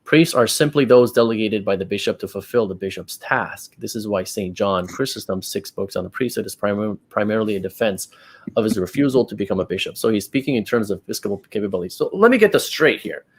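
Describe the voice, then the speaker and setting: A man's voice: on the low side, fast talker, husky. A man hosting a casual apologetics discussion, reading quotations aloud and rebutting them in an exasperated, emphatic way. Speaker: channel host.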